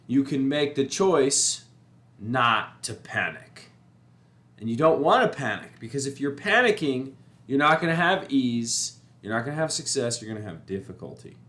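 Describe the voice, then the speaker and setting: Rambling man musing on calm. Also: medium pitch. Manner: rambling, repeats himself, animated when recounting panic. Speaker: motivational speaker. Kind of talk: casual spoken reflection.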